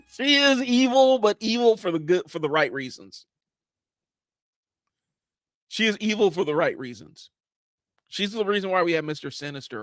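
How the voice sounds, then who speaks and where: With a mid-range, slightly bright voice and no room sound, this man in his forties hosts a livestream about comics. His talk is casual and blunt, sometimes profane, and rambling, full of fillers and restarts.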